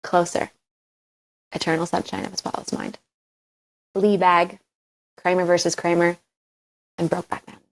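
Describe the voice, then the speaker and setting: A woman's voice: on the low side, little pitch movement, moderate pace, vocal fry, pauses often, slight background noise. A woman guest on a podcast in casual chat, playful and self-deprecating.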